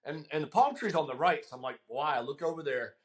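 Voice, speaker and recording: With a voice on the high side and a quick pace, a middle-aged guest caddie spins a long, casual story. He stays animated and laughs as he goes, dropping plenty of ums.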